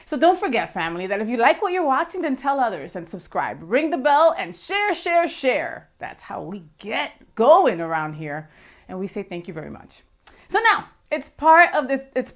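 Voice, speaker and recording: A woman hosting a talk show, bubbly and gushing, slipping in Spanish phrases. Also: on the high side. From Miami area.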